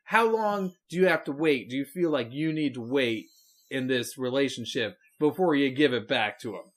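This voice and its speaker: A man co-hosting a podcast, reacting with quick jokes and teasing encouragement. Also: medium pitch, lively intonation. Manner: supportive, joking listener who teases. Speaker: podcast co-host, preacher. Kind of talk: casual chat.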